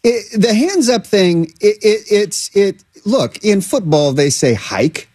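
Lively, joking man in a studio. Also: sits high, slow, breathy edge, no room sound. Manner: animated, joking, frequent restarts. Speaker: co-host. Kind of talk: casual sports chat. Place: radio studio.

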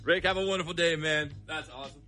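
A man hosting a call-in radio show, enthusiastic and quick to laugh. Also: fairly high pitch, sharp tone.

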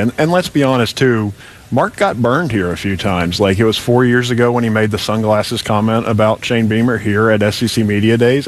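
A male sports reporter with a fairly low voice lays out his points frankly and steadily. Faint background noise sits behind him on the radio feed. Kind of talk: casual sports talk radio.

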